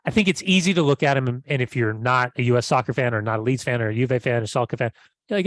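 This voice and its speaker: Animated man chatting casually. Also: mid-range voice, fast, no echo, studio quality. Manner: animated, repeats words when starting sentences. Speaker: podcast co-host. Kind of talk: casual podcast chat.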